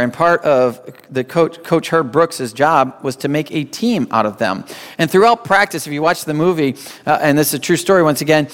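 A man's voice: fairly high pitch, a bit bright, smooth, long reverb tail. A man preaching a sermon as pastor, telling a story and acting out the quoted lines.

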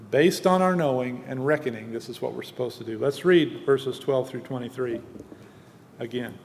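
A man preaching a sermon and reading scripture, earnest and teaching, slowing down for emphasis. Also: mid-range voice, vocal fry, a little mellow, a little hiss or hum. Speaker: pastor. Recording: long hall reverb.

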